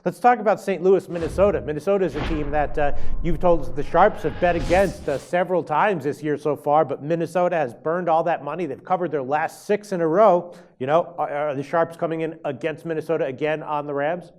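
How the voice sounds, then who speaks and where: A male host with a somewhat high voice keeps a fast pace. He asks brisk, leading questions. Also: a little mellow. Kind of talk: interview host.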